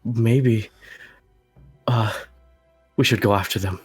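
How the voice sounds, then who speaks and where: A man's voice: on the low side, fairly even intonation, slow pace, breathy edge, soft background music. A man player at a tabletop game, talking in a casual, joking way.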